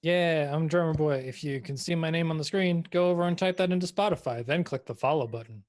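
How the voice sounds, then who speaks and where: Chatty man with a slightly high voice. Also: a little fast, darkish tone. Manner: rambling, lots of fillers. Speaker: player and composer. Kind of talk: casual chat.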